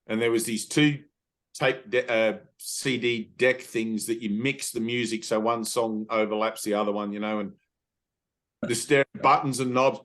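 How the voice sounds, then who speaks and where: A man with a slightly low voice leads a satsang, telling stories from his past. His delivery is casual and lively, full of asides. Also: moderate pace. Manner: storytelling, casual and animated. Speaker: spiritual teacher. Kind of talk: satsang talk.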